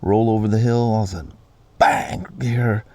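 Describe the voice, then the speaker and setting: A man's voice: on the low side, fairly even intonation, rapid-fire, mellow, dry recording. A middle-aged man hosting a vlog, telling stories in a rambling, easygoing way with plenty of restarts. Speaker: vlog host. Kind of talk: casual chat.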